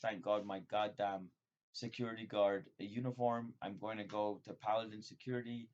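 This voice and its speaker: Rambling, profane man on a dull recording. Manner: profane, digressive, with sudden excited jumps in pitch and loudness. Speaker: vlogger. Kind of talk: rambling casual monologue. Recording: dull lo-fi sound.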